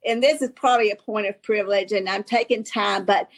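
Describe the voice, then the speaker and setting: A woman with a Southern US accent, an author guest telling stories in halting talk with many restarts and laughs. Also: medium pitch, steady tone. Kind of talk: casual storytelling talk.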